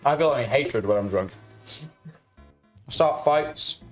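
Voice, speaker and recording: A young man telling a story loudly and excitedly as the host of a casual stream, swearing freely. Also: mid-range voice, unhurried, faint music behind. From United Kingdom. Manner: loud, animated storyteller who swears freely. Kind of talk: casual chat.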